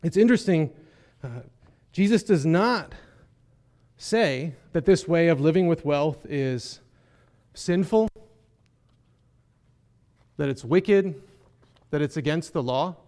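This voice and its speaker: A man's voice: a little high, expressive, takes it slowly, pauses often, darkish tone. A man preaching a sermon, earnest and emphatic, often asking his listeners rhetorical questions. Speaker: pastor.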